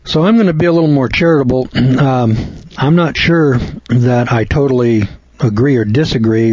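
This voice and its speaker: A man preaches on scripture in a homespun, wry manner, answering a letter writer as if he were in the room. His voice is slightly husky and he keeps clearing his throat. The recording is dry and a little muffled. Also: mid-range voice, darkish tone, dry recording. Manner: folksy, sardonic, talks back to a letter writer. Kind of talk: conversational Bible commentary.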